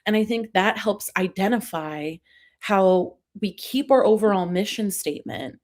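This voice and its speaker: A woman with a Long Island accent, a comedian and brand strategist talking casually as a podcast guest, animated and quick to laugh at herself. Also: mid-range voice. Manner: animated, laughs often, self-deprecating.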